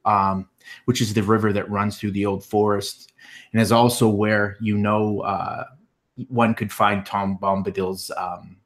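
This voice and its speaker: A man narrates a tabletop fantasy game as game master. His voice is on the low side, and he pauses often with ums and uhs. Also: a bit bright. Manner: halting, many fillers.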